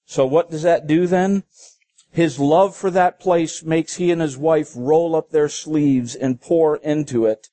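A man preaching a sermon in an earnest, halting way, slowing down to read quoted passages. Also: a little high, steady tone, dark tone, no room sound. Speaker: pastor.

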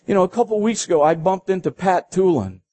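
A man preaching a sermon in an earnest, halting way, slowing down to read quoted passages. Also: high voice, animated, dark tone, no echo. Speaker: pastor.

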